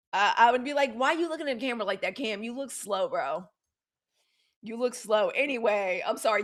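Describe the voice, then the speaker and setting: A woman's voice: mid-range voice, fairly bright tone. A Gen X woman hosting a live news commentary show, talking candidly with profanity and acting out mock quotes. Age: 40s or 50s. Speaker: host.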